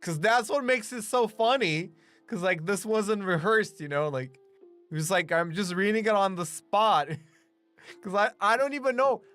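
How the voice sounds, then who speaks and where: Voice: mid-range voice, lively intonation, normal speed, fairly bright tone. A streamer chatting casually with viewers while drawing live, laughing often, swearing freely and leaning on "like" as filler. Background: faint background music.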